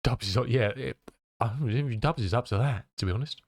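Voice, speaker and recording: A man's voice: mid-range voice, brisk, no room sound, studio quality. A male streamer chatting casually with his viewers, muttering to himself as he tinkers and answering chat messages.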